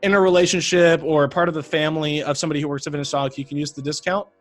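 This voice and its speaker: Oklahoma guy rambling thru a story on a podcast, slightly high voice, bit of music playing faintly behind. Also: racing. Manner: rambling, animated retelling with frequent fillers. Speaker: podcast guest. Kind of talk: casual storytelling.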